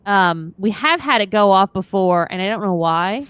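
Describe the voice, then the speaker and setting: A woman co-hosting a livestream, telling a story in a lively, swearing, laughing way. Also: medium pitch, moderate pace, clear, resonant tone. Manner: animated, swears freely, laughs through the story. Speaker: livestream co-host. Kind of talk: casual storytelling chat.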